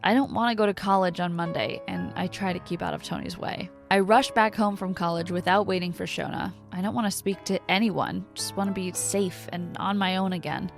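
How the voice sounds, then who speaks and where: Gravelly woman reading a story. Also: lowish voice, a little fast, hardly any pauses, faint music behind. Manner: steady, intimate present-tense narration. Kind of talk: first-person story reading.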